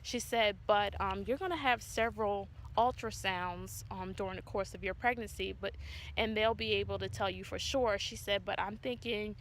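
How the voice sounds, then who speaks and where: A woman's voice: medium pitch, moderate pace, slight background noise, poor audio. A woman vlogger telling a personal story to her viewers in a casual way, acting out what people said. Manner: animated retelling, acts out quotes. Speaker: vlogger, mother of twins.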